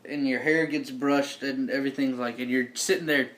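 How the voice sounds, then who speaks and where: An easygoing man runs a tabletop game, describing scenes in a relaxed, halting way. His voice sits at an ordinary middle pitch. Now and then he tries a clumsy accent for a side character. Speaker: game master. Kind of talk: narrating a tabletop role-playing game.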